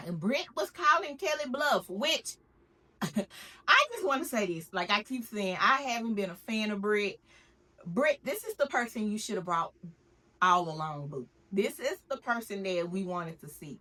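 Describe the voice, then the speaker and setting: Host woman, bright voice, animated slangy casual recap chat, home kitchen. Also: on the high side. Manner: chatty, animated, slangy and opinionated. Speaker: recap vlogger. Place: home kitchen while cooking.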